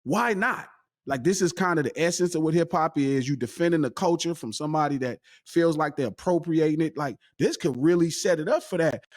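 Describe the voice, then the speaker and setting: A man's voice: on the high side, a little fast. A man, telling a story as a guest in a casual chat and acting out the dialogue. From West Coast US. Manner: animated, excitable storytelling, acting out quoted dialogue. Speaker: podcast guest.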